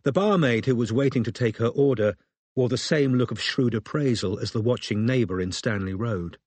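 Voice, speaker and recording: Male narrator, mid pitch, measured storytelling, dry close read. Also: darkish tone, no room sound. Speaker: audiobook narrator. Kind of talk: scripted narration.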